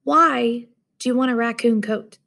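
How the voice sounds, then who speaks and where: A self-satisfied eighteen-year-old student who lectures his roommate in cool, reasoning tones, read aloud by a woman. The delivery sounds superior and precise, with a raised, gravelly edge. It stays close to a plain classroom read-aloud. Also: fairly high pitch, unhurried, bright, forceful tone, heavily acted. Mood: lecturing. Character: smug eighteen-year-old male student, coldly logical.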